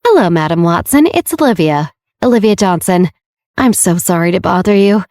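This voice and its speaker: A proud, sassy young heiress, as a woman narrator plays her. She switches between sugary politeness and tart mockery. The storybook voice sits lowish and dry. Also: expressive, moderate pace, a little mellow, no room sound. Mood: sweet. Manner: sweet on the phone, tart and facetious.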